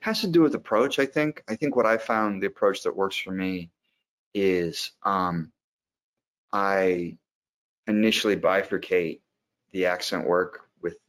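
A man with a very deep, low-pitched voice speaks as an interview guest. He is an actor who reflects on his craft in a thoughtful, unhurried way and explains his ideas at length. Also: fairly bright tone. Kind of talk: conversational interview answer.

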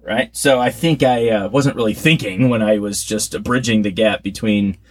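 A man co-hosting a podcast, chatting casually and poking fun at himself. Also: normal speed. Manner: chatty, self-mocking, animated swings in pitch. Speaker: podcast co-host.

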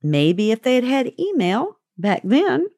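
A woman's voice: fairly high pitch, huge pitch swings, unhurried, mellow, dry recording, clean studio sound. A woman, the show's author, explaining history in a friendly, conversational, teacherly way. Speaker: author and show regular. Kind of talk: casual explainer.

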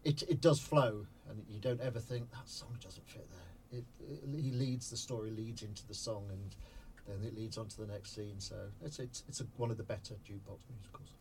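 A man's voice: on the low side, a little fast, darkish tone. Theatre director guy from down south, earnest, restarts a lot, bit of faint room hum. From southern England. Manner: earnest, repeats himself, many restarts. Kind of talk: casual radio interview. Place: radio studio.

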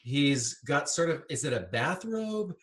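Speaking a little high with big pitch swings, at a measured pace and with a slightly bright tone, this middle-aged podcast co-host and former series actor reminisces about working on the show during a casual rewatch. He's wry and teasing, often dropping into playful put-on voices.

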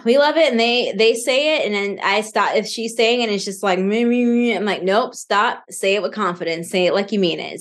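A woman in her thirties, a podcast guest, telling lively stories and acting out the quotes she recalls. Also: medium pitch. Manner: animated storytelling, acts out quotes. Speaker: podcast guest, financial coach. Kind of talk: casual podcast interview.

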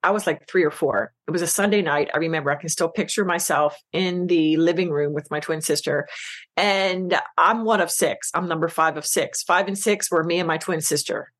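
A middle-aged woman, a business coach, telling her story as a podcast guest, emotional and animated, acting out quoted lines. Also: sits low, normal speed. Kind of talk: casual interview chat.

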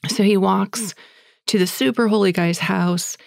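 A woman's voice: mid-range voice, a little slow, vocal fry, a little mellow, no echo, studio quality. A woman hosting a podcast who retells a story in a chatty, breathless way, with fillers like "like" and "you know". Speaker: podcast host. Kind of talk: casual storytelling.

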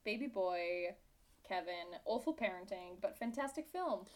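A woman's voice: medium pitch, lively intonation, measured pace. A young woman from Britain with a British accent that drifts toward Australian, co-hosting a podcast in casual, sarcastic, giggly chat. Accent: British English, drifting toward Australian. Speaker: podcast co-host.

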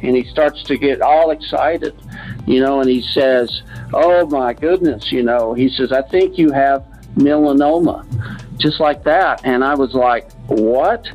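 Man, podcast guest, plain-spoken storyteller, muffled lo-fi sound, soft music underneath. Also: medium pitch, unhurried. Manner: plain-spoken, acts out quoted doctors. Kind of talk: personal storytelling. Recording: dull lo-fi sound with faint music.

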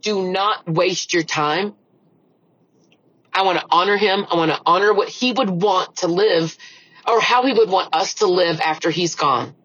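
Tearful woman, husky, lowish voice. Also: normal speed, fairly bright tone, lo-fi sound. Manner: earnest, emotional, repeats phrases. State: tearful, crying. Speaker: podcast host. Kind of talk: personal faith podcast talk and prayer.

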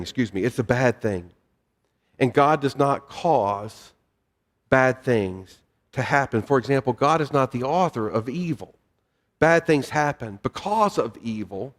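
A male pastor preaching a sermon with measured pauses and repetition in a church sanctuary. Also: mid-range voice. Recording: long reverb of a hall.

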